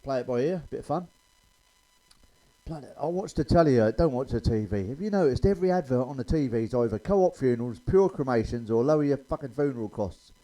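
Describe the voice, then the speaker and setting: Sweary comedian with a mellow voice. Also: male voice, medium pitch, lively intonation, fairly quick, poor audio. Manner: blunt, sweary, chatty. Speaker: stand-up comedian. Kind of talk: stand-up joke telling.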